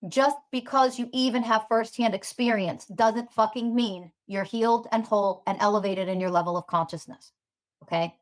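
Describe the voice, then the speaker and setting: A woman with a fairly high voice delivers a fiery podcast monologue as a spiritual teacher. She swears freely and stacks one sarcastic rhetorical question on top of another. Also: fairly even intonation, normal speed.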